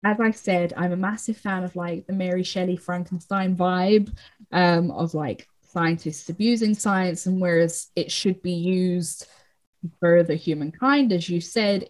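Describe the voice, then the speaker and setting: A woman's voice: lowish voice, a little mellow. A young woman in a casual film chat, talking freely with many fillers and the odd swear word. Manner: chatty, frequent fillers and swearing.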